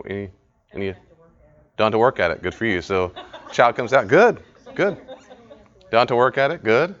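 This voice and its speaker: A man with a lowish voice leads a live study session, talking through the ideas in a loose, conversational way. He repeats himself and keeps asking the group questions. The recording sounds dull and lo-fi.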